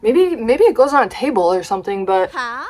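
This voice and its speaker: A woman's voice: a little high, very animated, brisk, a little mellow. Gushing young woman showing a haul. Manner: gushing, chatty, swears casually. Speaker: vlogger. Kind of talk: casual haul vlog.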